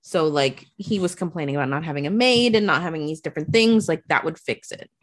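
Female co-host, casual, low-pitched, plain explainer. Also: quick pace. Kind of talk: casual chat.

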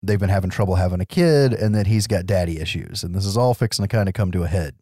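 A man's voice: sits low, fast, mellow, no echo, clean studio sound. A man casually recapping a movie on a podcast, laughing often and acting out characters. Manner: laughs often, acts out characters in silly voices. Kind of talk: casual comedic chat.

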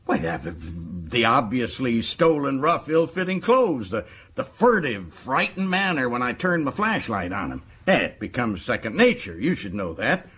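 A man's voice: mid-range voice, very animated, normal speed, a bit bright, breathy edge. An actor playing a boastful, chatty male prison governor, who stumbles over his words in a radio drama. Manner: boastful, stumbling, chuckling often.

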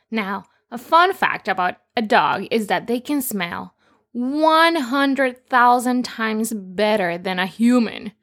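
A woman co-hosting a children's lesson, teaching simple Spanish words and telling playful jokes in a slow, cheerful voice. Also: on the high side, fairly bright tone.

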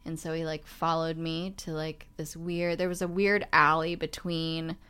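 A young woman talks candidly about her past, her sentences running on and looping back with steady fillers. Her voice sits a little low and comes across smooth and clear. She tells it plainly, without dressing it up. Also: moderate pace. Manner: frank, speaks in loose run-on clauses with many "like" fillers. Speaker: guest. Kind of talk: candid storytelling in conversation.

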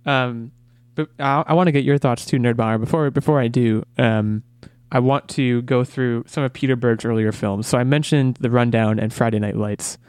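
A man's voice: medium pitch, darkish tone, no echo. A man hosting a casual movie podcast, talking eagerly and often repeating words as he restarts. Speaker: podcast host.

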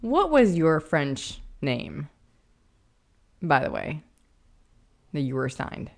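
A woman's voice: low voice, sing-song, slow, gravelly. A woman co-hosting a horror podcast, giggling and getting flustered while she is teased in casual banter. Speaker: podcast co-host.

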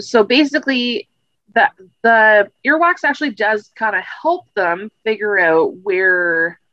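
A woman's voice: mid-range voice, sharp tone, no echo. A woman co-hosting a podcast, retelling a TV episode in a casual, rambling way and correcting herself as she goes. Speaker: podcast co-host. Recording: dull lo-fi recording.

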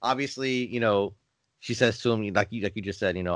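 A man's voice: on the low side, brisk, no room sound. Hesitant man co-hosting a film podcast. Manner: hesitant, lots of fillers like "like" and "you know". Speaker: podcast co-host. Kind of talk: casual film discussion.

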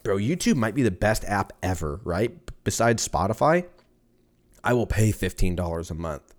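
Man, 30s, fairly low pitch, podcast host, rambling casual chat, swears a lot, laughs at own jokes. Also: lively intonation, normal speed.

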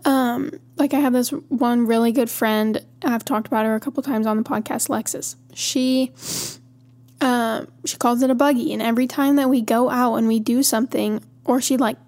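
A woman's voice: a little high, steady tone, moderate pace, a little mellow. A woman from Montana hosting a podcast, talking in a chatty, rambling way and easily amused. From Montana, USA. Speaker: podcast host. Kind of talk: casual monologue.

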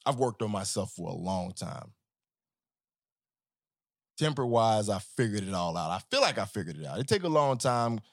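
A man hosting a podcast in a casual solo monologue, profane and animated, swinging between joking and earnest talk. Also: lowish voice, moderate pace, pauses often, no echo, clean studio sound. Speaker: podcast host.

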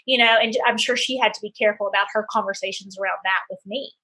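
A woman's voice: medium pitch, steady tone, fast, hardly any pauses, sharp tone, breathy edge. A middle-aged woman hosting a podcast, chatting casually and telling personal anecdotes with lots of fillers. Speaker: podcast host. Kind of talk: casual conversational interview.

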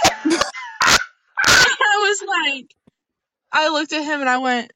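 A woman's voice: high voice, huge pitch swings, takes it slowly, pauses often, heavy background noise. A young woman co-hosting a podcast, telling a rambling story in casual chat and laughing often. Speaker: podcast co-host. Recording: slightly dull lo-fi audio, dry.

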